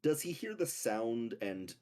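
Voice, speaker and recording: A man's voice: medium pitch, sing-song, measured pace, darkish tone. A man playing a tabletop game, making wry jokes and describing his character's moves. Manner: wry, joking. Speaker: player.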